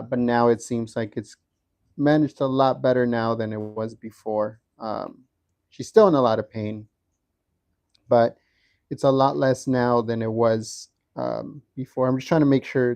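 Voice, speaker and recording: A man giving a casual livestream update from a hospital room, talking haltingly with many fillers and restarts. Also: mid-range voice, gravelly, warm tone. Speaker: livestream host updating viewers.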